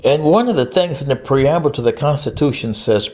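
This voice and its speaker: A man's voice: medium pitch, lively intonation, brisk, a little mellow. An older man giving a rambling, scolding lecture-style monologue straight to the camera. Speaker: vlogger.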